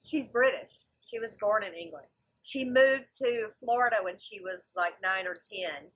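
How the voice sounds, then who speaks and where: A woman's voice: mid-range voice, normal speed, a bit bright, slightly rough, highs cut off. A woman in her forties with a Southern US accent, chatting animatedly on a comedy podcast. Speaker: comedian guest. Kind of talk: casual podcast chat.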